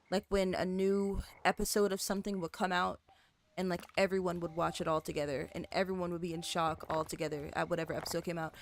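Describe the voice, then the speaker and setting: A woman's voice: fairly low pitch, a little hiss or hum. A young woman streaming a building game, chatting casually with her viewers, rambling with lots of fillers and little giggles. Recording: soft music playing behind. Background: faint background music.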